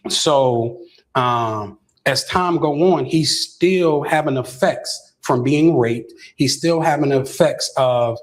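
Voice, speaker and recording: A middle-aged man telling a long story as an interview guest. He keeps checking in with "right?" and stumbles over restarts. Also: slow pace. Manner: keeps asking "right?" with frequent stammered restarts; shifts into a higher voice when quoting others.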